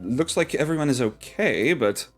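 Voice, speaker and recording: A man's voice: medium pitch, animated, moderate pace, soft background music, natural voice. A man voicing a flustered female librarian, talking in an apologetic, fumbling way. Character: flustered female librarian who works here.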